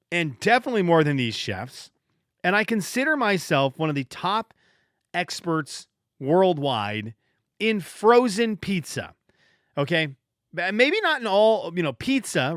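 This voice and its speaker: A man in his thirties hosts a casual solo podcast, telling stories in an animated, joking way and often restarting his sentences mid-thought. His voice sits a little high and swings widely in pitch. The sound is dry and close, with almost no room echo. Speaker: podcast host.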